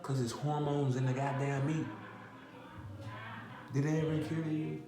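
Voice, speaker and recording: A man's voice: medium pitch, normal speed, pauses often, roomy sound, noisy background. Cursing man ranting to the camera. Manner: repetitive, rhetorical questions, heavy cursing. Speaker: vlogger. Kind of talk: profane comedic rant.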